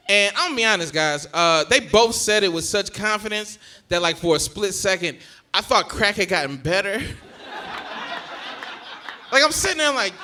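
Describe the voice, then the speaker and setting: A young man doing stand-up comedy, telling stories in an animated way and shouting his punchlines. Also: sits high, a little fast. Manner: animated storytelling with loud punchlines.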